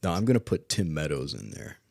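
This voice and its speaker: A man co-hosting a podcast in a relaxed, casual film chat, often chuckling. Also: rumbling low, brisk, gravelly, no echo, studio quality. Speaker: podcast co-host.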